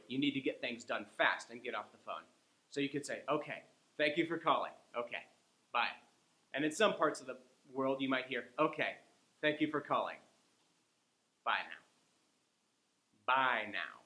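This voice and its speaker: A man with a bright, forceful voice teaching an English lesson. He explains patiently and acts out sample phone lines. His voice rings in an echoey room. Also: mid-range voice.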